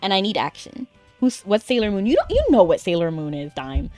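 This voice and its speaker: A woman's voice: medium pitch, big pitch swings, fairly quick, darkish tone, no echo, soft background music. A young adult woman chatting casually on a gaming stream, rambling along with lots of "like". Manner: chatty and rambling, with frequent filler "like". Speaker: VTuber streamer.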